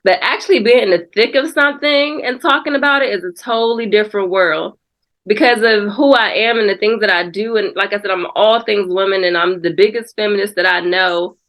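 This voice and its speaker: A woman's voice: medium pitch, a little fast, a bit bright. A woman guest on a faith podcast, speaking in a reflective, testimonial way and calling the host "girl.". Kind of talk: casual faith podcast conversation.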